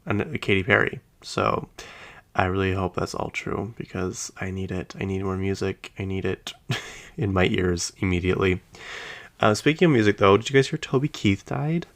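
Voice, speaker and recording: A man hosts a casual pop-culture podcast, gossiping and rambling about celebrity news while calling his listeners "you guys." He speaks at a moderate pace in a low, fairly bright voice.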